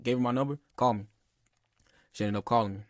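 A man's voice: mid-range voice, quick pace, no room sound, clean studio sound. A young man telling a personal story in a casual, rambling and heated way, with lots of "bro" and "like.". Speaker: podcast speaker.

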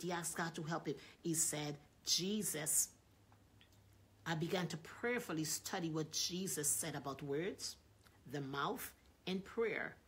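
A woman preaching a sermon, reading aloud from a book and acting out the voices in it, often rising loud and excited. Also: on the low side, breathy edge.

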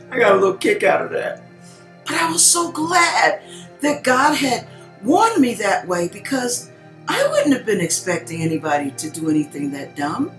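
Older woman telling a lively story. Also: mid-range voice, reverberant. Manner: animated, acts out voices in the story. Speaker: channel host telling a testimony. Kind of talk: personal storytelling.

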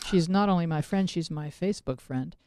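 A woman's voice: lowish voice, a little fast, dark tone, no echo, studio quality. A woman hosting a casual talk show, telling stories in a chatty way. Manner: storytelling, chatty. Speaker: host. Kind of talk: casual chat. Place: Los Angeles area.

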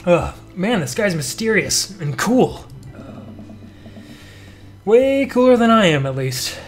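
A man's voice: high voice, very animated, faint music behind. A young man playing a dating game, reading its text aloud with playful, joking asides. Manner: playful, quick asides, reads dialogue aloud. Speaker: let's-play gamer.

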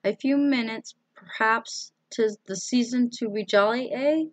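A woman's voice: medium pitch, steady tone, a little slow, dry recording, close to an everyday voice. A woman voicing a polite father who tries to sound cheerful.

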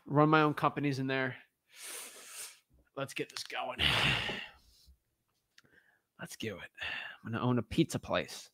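In this casual vlog commentary, a male real estate wholesaler chats with viewers as he looks through listings, joking and musing aloud to himself in an animated way. His mid-range voice moves at normal speed with long pauses, recorded clean in a studio with no echo.

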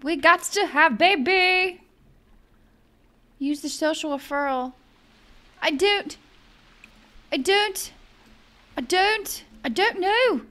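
A young woman giving excitable, chatty let's-play commentary as a gaming video host, thinking aloud as she plays. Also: very high voice, slow pace, long pauses.

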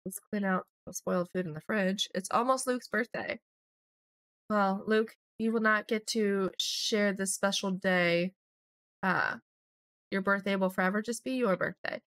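A woman's voice: mid-range voice, steady tone, fairly bright tone, dry recording. Chatty woman narrating her game. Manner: chatty, voices her characters' lines in quick asides. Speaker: gaming channel host. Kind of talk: casual let's play commentary.

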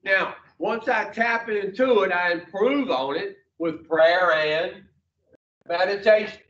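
He speaks slowly in a high, slightly bright voice, giving plain-spoken talk to a recovery class with blunt, folksy phrasing and mild swearing. The audio is a dull, distant room recording with echo.

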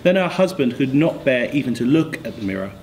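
A man on school staff reading a folk tale aloud, slowing on the refrain lines. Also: mid-range voice, big pitch swings, darkish tone, a little hiss or hum, rough recording. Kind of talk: storybook read-aloud.

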